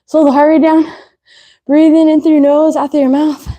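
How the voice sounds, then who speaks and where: A woman's voice: high voice, level tone, normal speed, mellow. A woman fitness instructor coaching a live leg workout, out of breath, counting reps aloud and giving short cues.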